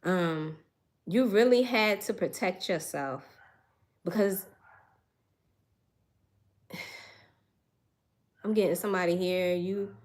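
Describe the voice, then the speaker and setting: A woman's voice: lowish voice, takes it slowly, pauses often, a little mellow. A young woman reads tarot cards for her viewers in a musing, searching way. She sighs often and restarts her sentences as she looks for the right words. Her tone stays earnest and emotional. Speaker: tarot reader. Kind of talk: intuitive tarot reading.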